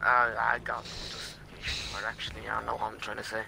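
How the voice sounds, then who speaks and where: A man's voice: lowish voice, monotone, brisk, creaky, sharp tone, a little hiss or hum, poor audio. A man with an Irish accent chatting casually with friends during a tank game. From Ireland. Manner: easygoing, defends his pronunciations. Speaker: gaming friend. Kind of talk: casual gaming chat.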